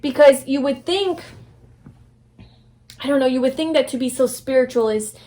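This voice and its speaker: Her voice sits high and moves at a moderate pace. This young tarot reader gives a casual pick-a-card reading in a soft, gentle, affirming way, rambling with frequent fillers and restarts.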